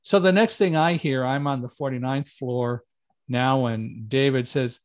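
Man, middle-aged, interview guest, storytelling, animated, middle pitch. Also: unhurried. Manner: animated, raises pitch and volume for quoted lines. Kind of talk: conversational storytelling.

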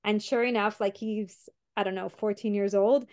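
A woman's voice: mid-range voice, fairly even intonation, moderate pace, a little mellow. A young woman hosting a podcast, retelling a story in a rambling way with many fillers and restarts. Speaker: podcast host.

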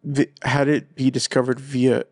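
Laid-back guy on a podcast, mid voice, halting, dry sound. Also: medium pitch, little pitch movement, a little mellow, dry recording. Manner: easygoing, halting, lots of fillers. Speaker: podcast co-host. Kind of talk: casual podcast chat.

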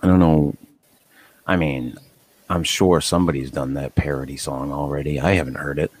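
Low-voiced, profane, rambling podcast co-host man. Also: fairly even intonation, moderate pace, no echo. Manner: profane, rambling, laughing often. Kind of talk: casual chat.

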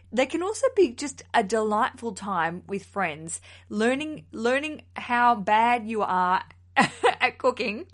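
Woman, solo podcast host, lively, self-mocking, casual chat. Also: medium pitch. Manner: chatty, self-mocking, animated.

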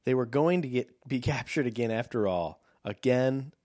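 A man with an ordinary mid-range voice reads book passages aloud and breaks off for wry asides. His tone stays dry and unhurried. The recording is close and dry. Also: mid-range voice, animated, a little mellow, no echo. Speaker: podcast co-host. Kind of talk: casual chat reading a book aloud.

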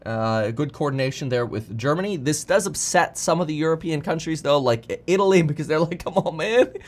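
Guy riffing on the news, kinda high voice, rambles, chuckles. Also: a little fast. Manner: rambling, with fillers and restarts, chuckles. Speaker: news commentator. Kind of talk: casual news commentary vlog.

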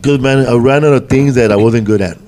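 A man's voice: medium pitch, a little fast, a little mellow. A comedian in his forties telling stories in casual chat, rambling, swearing freely and using loose street slang. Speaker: comedian guest.

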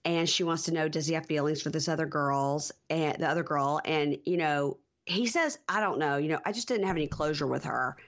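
A woman's voice: sits low, brisk, few pauses. A woman in her forties co-hosting a podcast, casually retelling TV scenes and acting out the quotes. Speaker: podcast co-host. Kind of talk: casual TV recap chat. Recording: dull lo-fi audio.

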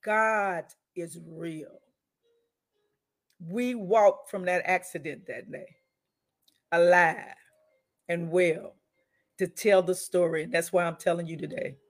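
A woman's voice: lowish voice, measured pace, pauses often. A woman hosting an inspirational broadcast in a preaching style, emphatic and repetitive, calling out to her listeners. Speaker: host and prayer leader.

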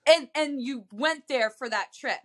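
A woman co-host with a high voice keeps the chat moving. She answers fast with short interjections and prompts for the next story, and her tone is bright and tense. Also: slight background noise. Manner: eager listener, quick reactive interjections. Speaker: podcast co-host. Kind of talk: casual chat.

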